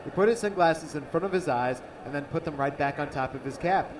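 A man's voice: fairly high pitch, a little fast, recorded from a distance, noisy background. A man doing color commentary on a baseball radio broadcast, chatty and teasing his partner.

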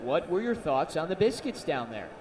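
A man calling minor league baseball play-by-play on radio, excitable on big plays and joking with his partner. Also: on the high side, moderate pace, recorded from a distance, a crowd in the background. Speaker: play-by-play announcer.

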